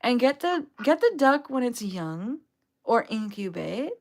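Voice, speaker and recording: A woman's voice: fairly high pitch, big pitch swings, a little slow. A young adult woman telling a rambling, upbeat story on a casual livestream, full of fillers. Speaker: vlogger, duck owner.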